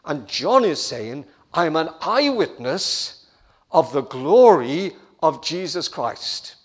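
A man's voice: a little high, very animated, slow pace, slightly rough. A man preaching a sermon with emphatic, building repetition, asking the listeners direct questions.

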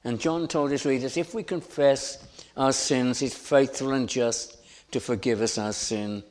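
A man preaching a sermon in an earnest, deliberate way, lifting his voice for emphasis. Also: mid-range voice, fairly even intonation, a little mellow.

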